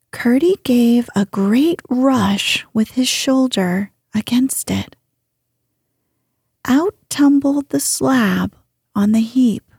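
A woman narrating a storybook in a whispered reading, her voice very breathy and hushed. She reads slowly and steadily, with a mellow, dark tone. The sound is close and dry. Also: mid-range voice, no echo.

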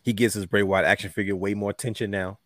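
A man hosting a casual podcast chat, heartfelt and unhurried, with many fillers and pauses. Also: lowish voice, little pitch movement, dry recording, studio quality. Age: adult with a young son. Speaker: podcast host.

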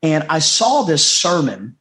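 A middle-aged American man, a life coach guesting on a podcast, recounts a personal story earnestly and from the heart. His slightly bright, high voice swoops wildly in pitch while his pace stays measured. He often repeats himself and acts out quoted dialogue.

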